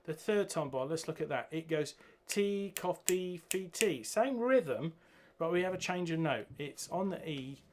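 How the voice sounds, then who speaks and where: A man teaching a bass guitar piece, counting beats and singing the rhythms aloud as he goes. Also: animated, measured pace, few pauses, a little mellow, slight background noise. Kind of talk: music lesson walkthrough. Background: bass guitar playing.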